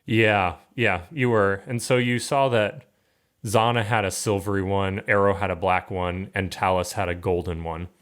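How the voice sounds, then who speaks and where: A man narrating a tabletop game as game master, calm and descriptive. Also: low-pitched, moderate pace.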